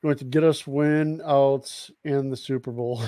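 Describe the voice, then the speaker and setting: A man co-hosts a casual sports podcast, cracking jokes in a relaxed way. His voice sits at an ordinary middle pitch, and the recording is dry and close. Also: measured pace, no room sound. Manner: joking, laid-back. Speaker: podcast co-host.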